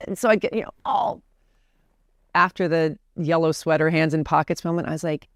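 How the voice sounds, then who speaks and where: A woman's voice: on the low side, fairly even intonation, fairly quick, clean tone, no echo, studio quality. A woman guest on an interview show, telling a personal story in an earnest, reflective way. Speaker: podcast guest.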